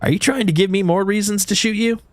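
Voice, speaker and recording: A man voicing a fierce, hot-tempered armored woman fighter who shouts threats in a video game. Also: high-pitched, fairly even intonation, fast talker, no room sound, voice pushed up, close to an everyday voice. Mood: furious.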